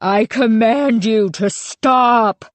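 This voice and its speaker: A woman voicing a wild-eyed, desperate grown man who shrieks frantic commands, at a slow pace. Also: on the high side, dry recording. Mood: shrieking.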